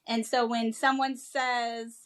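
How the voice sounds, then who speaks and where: A woman co-hosting a podcast, speaking outspokenly and mocking herself with quick asides. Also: a little high, flat delivery. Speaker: podcast co-host. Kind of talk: candid casual conversation.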